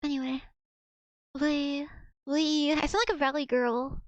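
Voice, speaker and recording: A woman's voice: high voice, fairly even intonation, a little slow, dry recording, highs cut off. A young woman streaming casually, chatty and self-mocking, filling her talk with "like" as she sounds out foreign words. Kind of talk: casual livestream chat, practicing Russian words aloud.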